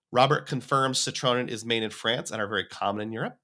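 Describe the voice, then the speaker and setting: Male stream host, rambling and chatty, bright tone, a bit high. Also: sing-song, a little fast. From United States. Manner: rambling, chatty, reads viewer comments aloud. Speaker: livestream host. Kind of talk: casual livestream chat.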